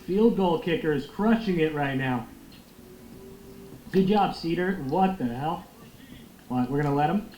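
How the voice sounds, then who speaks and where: Young male gamer, loud and profane, lively voice, faint room hiss. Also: on the high side, unhurried, pauses often. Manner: loud, excitable, profane trash talk. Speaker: gaming streamer. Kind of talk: live gameplay commentary. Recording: echoey room with faint noise.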